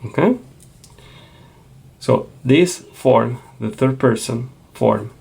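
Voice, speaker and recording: A man's voice: medium pitch, lively intonation, extremely slow, gravelly, a little mellow, husky. A man teaching a Spanish lesson, explaining patiently and checking in with a frequent "okay?". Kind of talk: classroom lecture.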